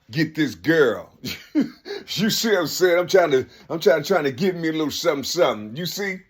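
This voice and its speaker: A man giving earnest, preachy advice in street slang, repeating "you see?" again and again. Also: high voice. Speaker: speaker giving life advice. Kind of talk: informal spoken advice.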